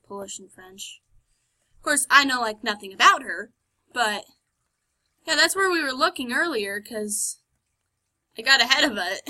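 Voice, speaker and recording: A woman's voice: on the high side, sharp tone, poor audio. A woman giving casual gameplay commentary, chatty and self-mocking, often muttering and whispering to herself. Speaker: game let's-player.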